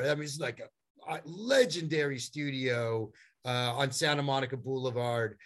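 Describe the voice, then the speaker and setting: A middle-aged man telling a long story as a guest, animated and rambling, with many fillers and restarts. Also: mid-range voice, normal speed. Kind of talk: storytelling in a conversation.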